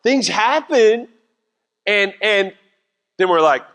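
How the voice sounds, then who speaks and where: Pastor guy, high voice, chatty jokey sermon, lots of church echo. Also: animated, takes it slowly, fairly bright tone. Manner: conversational, jokey preaching with voiced asides. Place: church sanctuary. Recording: church hall reverb.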